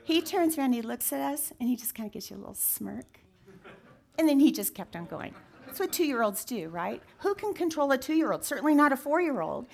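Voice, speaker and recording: A woman's voice: high-pitched, very animated, fairly quick, creaky. Earnest woman in her sixties. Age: 60s. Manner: earnest and heartfelt, softening to near whispers. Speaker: guest sharing her story. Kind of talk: confessional interview talk.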